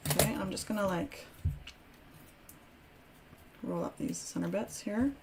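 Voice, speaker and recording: A woman's voice: on the low side, sing-song, normal speed, creaky, long pauses, a little mellow, a little hiss or hum. A woman hosting a live crafting stream, chatting casually and self-deprecatingly as she works aloud. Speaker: crafting host.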